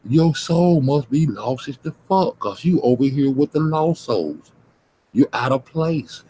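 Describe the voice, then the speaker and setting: A man's voice: medium pitch, lively intonation, slow pace, warm tone, husky, low-quality recording. Cursing, combative man ranting at his stream chat. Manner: confrontational, heavily cursing, repetitive. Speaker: livestreamer. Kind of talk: profane rant at chat.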